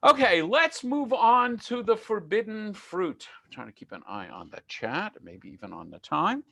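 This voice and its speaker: A man's voice: high-pitched, sing-song, normal speed, gravelly, pushed and bright, dry recording. A man giving an online lecture on myths, talking in a conversational, digressive way with dry jokes.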